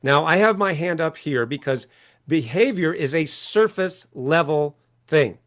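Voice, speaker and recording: A man's voice: a little high, animated, measured pace, fairly bright tone. A man guest on an interview show, talking emphatically, acting out quoted voices and often asking "right?". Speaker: author and coach, guest. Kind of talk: animated interview talk.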